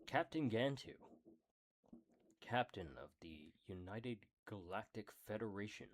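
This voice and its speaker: Reading a character book out loud for fun, this man goes slowly and haltingly, regularly stumbling, fixing his mistakes, saying sorry and making casual asides. His voice is lowish and animated, with slight background noise.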